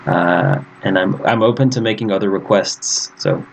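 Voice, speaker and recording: A man teaching a recorded lesson over slides, in a casual, lively way, acting out example phrases. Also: sits low, moderate pace, gravelly, slight background noise, rough recording. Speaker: Spanish teacher.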